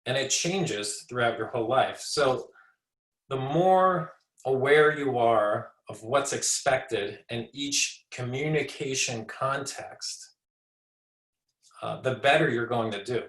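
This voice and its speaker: Slowly and conversationally, an American speech pathologist in his forties gives an informal lesson, restarting and repeating words often and acting out quick examples. His voice is mid-range and fairly bright. The audio is poor, with a roomy sound.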